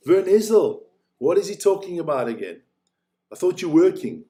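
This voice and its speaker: A man giving casual, joking live commentary on a snowboard race as host of a watch-along stream, chatty between heats and excitable during the runs. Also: high voice, moderate pace.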